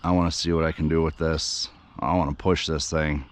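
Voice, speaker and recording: Running a radio-controlled boat by a river, a male vlogger gives excited outdoor commentary in an extremely low-pitched voice at a brisk pace. Breathless and shaky with excitement, he says he is shaking and keeps exclaiming "you guys" to his viewers.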